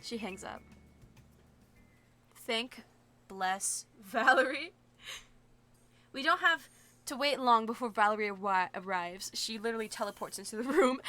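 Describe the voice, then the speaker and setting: A young woman streamer reading a game's story aloud, bubbly and excitable with gushing asides. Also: on the high side. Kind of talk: reading a visual novel aloud with commentary.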